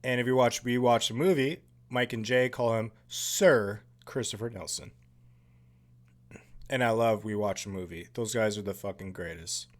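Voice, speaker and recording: A man giving casual, profane commentary over a horror film, excitable and full of jokey asides. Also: fairly low pitch, normal speed. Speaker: movie commentary host.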